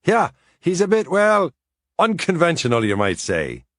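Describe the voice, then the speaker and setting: A bustling, eager elderly priest, as a man puts him on in a storybook reading. He speaks hurriedly in a voice pitched well above the reader's own. The recording is dry. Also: no echo. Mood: coy. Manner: excited, hurried.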